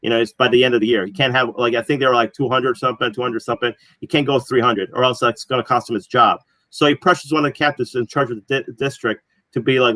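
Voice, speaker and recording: A man's voice: medium pitch, fairly even intonation, fast, hardly any pauses, bright, forceful tone, dry recording, rough recording. A man co-hosting a casual pop culture podcast, retelling a show's plot in a rambling way full of fillers. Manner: rambling, filler-heavy storytelling. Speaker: podcast co-host. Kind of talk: casual chat.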